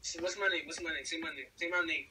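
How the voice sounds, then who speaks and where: Raspy young man, distant on a phone. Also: on the high side, fairly even intonation, fast, sharp tone. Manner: skeptical, teasing. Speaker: friend on a phone call.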